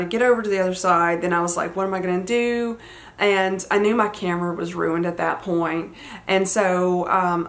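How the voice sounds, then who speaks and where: A woman in her forties with a Southern American accent, telling a personal story to her viewers in a casual, chatty way, full of fillers and acted-out quotes. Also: on the low side. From United States. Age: 40s. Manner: chatty, many fillers, retells quotes animatedly. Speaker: vlogger.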